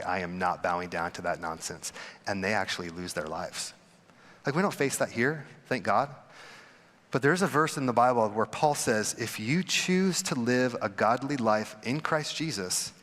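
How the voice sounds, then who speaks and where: A young adult man, a pastor giving a conversational sermon, who acts out quoted people with sudden jumps in pitch. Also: fairly bright tone. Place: church sanctuary. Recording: long hall reverb.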